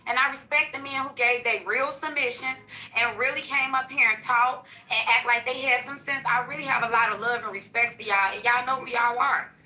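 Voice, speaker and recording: A woman talking bluntly and loudly in a heated online audio-room chat, swearing freely. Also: sits high, rough recording.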